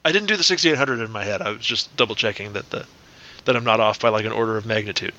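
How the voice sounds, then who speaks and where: A man's voice: on the low side, fast, sharp tone, dull audio. A man in casual podcast chat, working through numbers aloud and double-checking himself.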